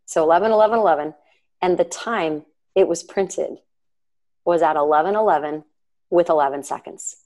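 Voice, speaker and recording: A woman's voice: lowish voice, moderate pace, long pauses, a little mellow, low-quality recording. Earnest chatty woman telling a story. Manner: earnest, chatty, lots of fillers and asides to listeners. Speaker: podcast co-host. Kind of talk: personal storytelling podcast.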